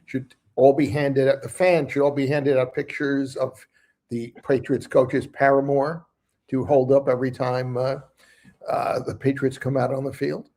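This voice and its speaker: A man's voice: medium pitch, level tone, moderate pace, a little mellow. A man co-hosting a casual sports chat, earnest and long-winded.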